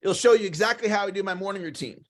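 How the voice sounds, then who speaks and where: A man giving a motivational coaching talk on a livestream, enthusiastic and repetitive, often clearing his throat. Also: high voice, fast, a bit bright. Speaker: sales coach.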